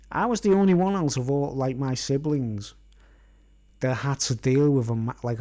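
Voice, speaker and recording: Man, live streamer, rambling, conversational, keeps asking "right?", mid pitch. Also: a little mellow. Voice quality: conversational, constantly checks in with "right?". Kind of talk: rambling casual storytelling.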